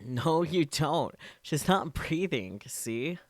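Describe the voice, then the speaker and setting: A man shouting as a frantic distraught young guy. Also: fairly high pitch, lively intonation, slow pace, no echo, pitched above the performer's own voice. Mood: anguished. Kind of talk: reading a visual novel aloud on stream.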